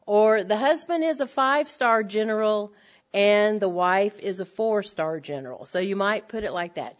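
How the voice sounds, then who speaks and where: A woman's voice: medium pitch, normal speed. A middle-aged woman giving an earnest, emphatic church lecture to women, repeating her key phrases. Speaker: women's Bible teacher. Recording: dull lo-fi lecture recording.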